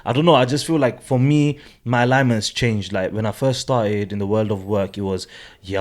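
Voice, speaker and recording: A man, co-hosting a casual podcast, relaxed, reflective and slangy. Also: lowish voice, moderate pace, few pauses. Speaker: podcast co-host. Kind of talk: casual chat.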